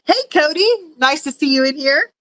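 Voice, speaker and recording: A woman's voice: high voice, moderate pace, a bit bright, no echo, rough recording. A woman hosting a casual livestream from her home. She reads out chat comments and chats in a rambling way, with lots of fillers and laughs. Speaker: livestream host reading chat. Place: at home in a room with fish tanks.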